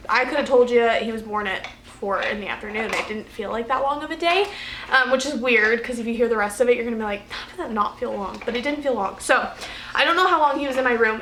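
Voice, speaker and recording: A woman's voice: high-pitched, fairly bright tone, roomy sound, slight background noise. A woman in her twenties telling a personal story to camera in a candid, chatty way, laughing often and acting out what people said. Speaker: NICU nurse.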